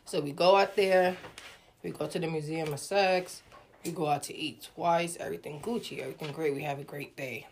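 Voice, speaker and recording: A woman who manages a music artist and hosts a casual chat, telling stories in an animated, slangy way. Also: sits low, brisk, slight background noise. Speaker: podcast host and music manager.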